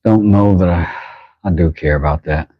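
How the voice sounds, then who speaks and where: A man's voice: deep voice, normal speed, breathy edge, dry recording, muffled recording. A man hosting a livestream from his workshop, chatting casually with viewers and reacting aloud as he works. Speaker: livestream host and knifemaker. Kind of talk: casual livestream chat while working.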